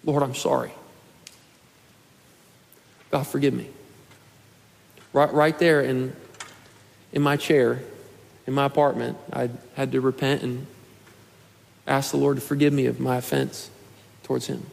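A man in his twenties preaching a sermon to his church, earnest and pleading, at times rising to a shout. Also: medium pitch, little pitch movement, moderate pace, creaky, pauses often. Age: 20s. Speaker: pastor. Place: church sanctuary. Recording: long hall reverb.

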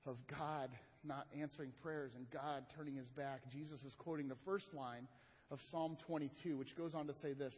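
A man preaching a sermon as pastor, swinging from loud emphatic lines to hushed, slow ones. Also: medium pitch, steady tone, breathy edge. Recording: long hall reverb.

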